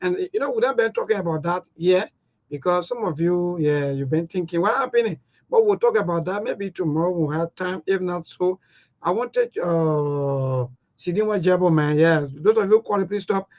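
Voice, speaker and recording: A man's voice: sits high, moderate pace, a little mellow. A man hosting a call-in radio show, chatting loosely and calling his callers brother. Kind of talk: casual call-in radio chat. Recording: muffled, dull broadcast audio.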